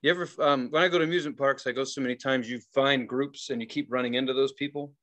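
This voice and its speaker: A man co-hosting a podcast, telling a story in a casual, profane and animated way and acting out the people in it. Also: medium pitch, fast talker. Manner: profane, animated, acts out quoted voices. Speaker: podcast co-host.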